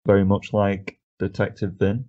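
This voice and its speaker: A man's voice: on the low side, monotone, normal speed, dark tone. A man co-hosting a casual film review podcast, ranting and swearing often with frequent laughs. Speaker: podcast co-host. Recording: dull lo-fi podcast audio.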